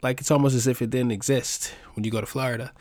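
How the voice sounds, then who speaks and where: Guy ranting casual, lots of swearing, trips over his words, mid pitch. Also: steady tone, fast, darkish tone, no echo. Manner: profane, rambling, restarts often. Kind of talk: casual rant.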